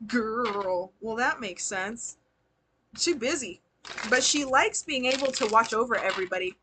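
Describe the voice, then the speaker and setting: A woman's voice: a little high, animated, unhurried, pushed and bright, a little hiss or hum. A woman giving tarot readings on a live stream, chatty and slangy, laughing often as she talks to her sitters. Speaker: tarot reader and spiritual healer.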